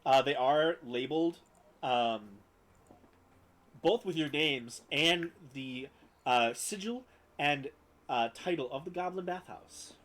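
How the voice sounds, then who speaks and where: A man's voice: a little high, slow pace, a bit bright, poor audio. Man narrating as game master. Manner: descriptive, with many fillers.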